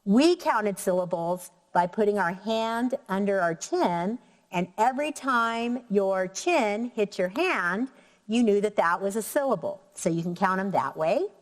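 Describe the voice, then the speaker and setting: Slow, clear woman teaching young children. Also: medium pitch, lively intonation, in a large hall. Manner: slow, clear, counting out syllables. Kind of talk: elementary classroom lesson.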